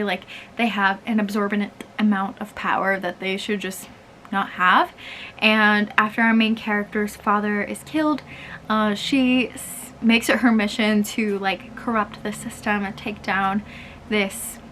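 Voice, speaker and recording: Young female vlogger, higher voice, chatty and gushing, lots of fillers. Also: a bit bright, a little hiss or hum. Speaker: book vlogger. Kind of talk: casual chat.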